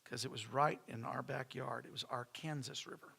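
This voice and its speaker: Preacher guy, middle-aged, folksy storyteller, bright voice. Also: mid-range voice, moderate pace, vocal fry, few pauses, slightly rough. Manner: folksy storytelling, repeats key phrases for emphasis. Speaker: pastor. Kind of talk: sermon. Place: church.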